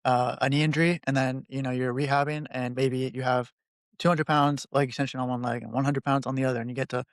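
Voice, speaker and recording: A male podcast host explains training ideas through stories about his clients. He talks briskly, with little rise and fall in pitch. The sound is close and dry, with no room around it. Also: no room sound. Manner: explanatory, storytelling, relaxed coaching talk. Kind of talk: casual podcast conversation.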